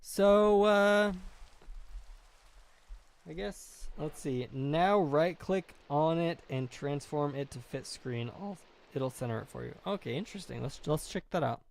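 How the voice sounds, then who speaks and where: A young man live-streams in an unhurried, creaky voice on the high side. He reads comments and chats casually, rambling, apologizing often and joking at his own expense.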